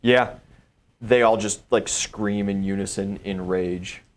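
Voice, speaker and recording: A man narrating a tabletop game as game master, describing scenes at an unhurried pace. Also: lowish voice, fairly even intonation.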